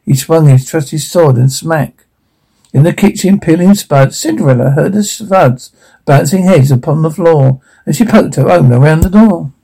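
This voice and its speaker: A man reads a rhyming children's tale aloud with playful energy. His voice is gravelly and dark, slightly husky, with the odd stumble. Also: fairly high pitch, normal speed, poor audio. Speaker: storyteller.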